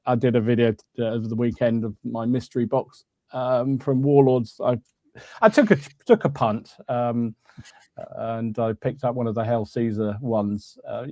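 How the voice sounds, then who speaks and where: A man with a warm, medium-pitched voice hosts a live hobby podcast in a casual, chatty way. He greets viewers by name and laughs often as he talks. No echo is present.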